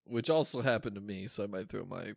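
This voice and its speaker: A young man with a gravelly, fry-laden voice trades crude jokes and laughs a lot while co-hosting a casual podcast. The sound is close and dry, with no room echo. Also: on the low side, fairly quick. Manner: laughing often, crude joking. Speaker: podcast co-host. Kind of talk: casual chat.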